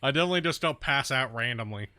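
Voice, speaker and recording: A man's voice: medium pitch, expressive, very fast, bright, forceful tone, no echo. A young man with a soothing voice, chatting casually and jokingly with viewers while he plays a game. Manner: laid-back, joking, slangy. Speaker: live streamer.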